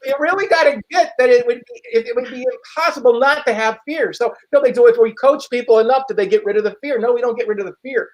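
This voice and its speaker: A man, a life coach and guest in a casual lunch conversation, explaining his ideas in a measured, reflective, teacherly way. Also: very high-pitched, poor audio. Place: at a lunch table.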